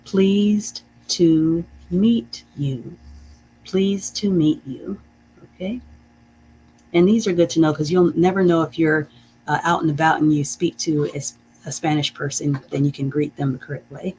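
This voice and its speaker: A teacher leading a live-streamed reading lesson, saying phrases slowly and carefully, checking in with "okay?" and chuckling often. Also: medium pitch, fairly even intonation, a little mellow, slight background noise, rough recording. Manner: reads out viewer comments.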